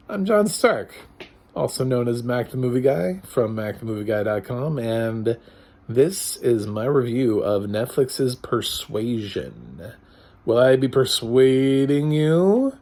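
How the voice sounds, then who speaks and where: A man reviewing a film in a casual, hesitant way, with dry sarcasm and many pauses and fillers. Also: a little high. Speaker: film critic. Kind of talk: casual spoken movie review.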